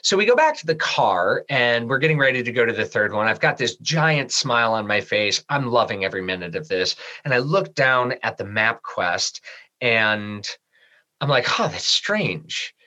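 A man's voice: mid-range voice, expressive, normal speed, pushed and bright, lo-fi sound. A man in a podcast interview, telling a personal story and acting out his own past remarks with animation, then turning sincere and reflective. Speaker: guest.

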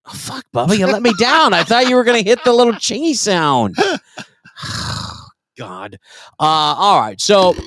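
A man's voice: sits high, big pitch swings, measured pace, pauses often, fairly bright tone, no room sound. A man from Oklahoma hosting a casual comedy talk show, joking crudely and swearing freely. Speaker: podcast host.

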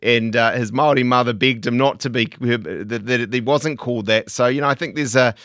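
Nz host guy, halting, repeats himself, dry close sound. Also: mid-range voice, fairly bright tone, no room sound. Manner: halting, repeats words while thinking. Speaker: podcast host. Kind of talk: conversational interview.

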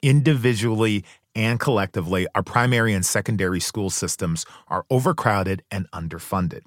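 A man hosting a podcast, giving measured, earnest scripted narration. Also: fairly low pitch, no room sound, clean studio sound. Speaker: podcast host.

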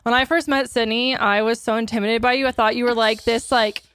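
A woman's voice: a little high, steady tone, fast, fairly bright tone, no room sound. A woman in her late twenties, co-hosting and giving a gushing, sentimental birthday toast in casual chat. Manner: gushing, sentimental, laughs through tears. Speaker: co-host.

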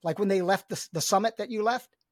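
An excited middle-aged coach talks in an emphatic, repeating way. His voice sits a bit high and sounds husky. The close recording is dry with no room sound. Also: brisk, dry recording. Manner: enthusiastic, emphatic, repeats words. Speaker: guest, business coach. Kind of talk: energetic podcast conversation.

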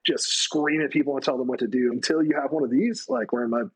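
A man, a retired Army staff sergeant from the United States, telling stories as a podcast guest, animated, acting out quoted people with a raised voice. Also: fast, husky, low-quality recording. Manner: animated storytelling, acts out quotes with raised pitch. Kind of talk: casual storytelling interview.

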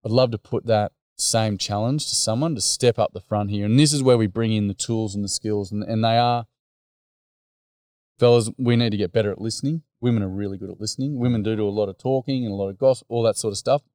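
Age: adult. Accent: Australian. Role: teacher and mentor, podcast guest. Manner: casual, blokey storytelling with "mate" and fillers. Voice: low, warm, flat and even. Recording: dry, close. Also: male voice, fast, no room sound.

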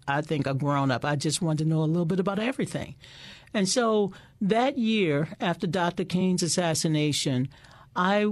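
A middle-aged woman, a guest in an interview, telling lively stories about her past and often repeating words as she starts a sentence. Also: deep voice, no room sound. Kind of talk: casual interview storytelling.

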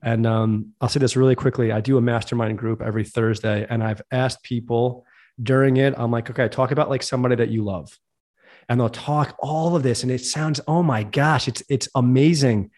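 A man's voice: mid-range voice, fairly even intonation, fairly quick, darkish tone. A man hosting a podcast, talking in an earnest, heartfelt, rambling way. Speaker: podcast host. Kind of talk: casual conversation.

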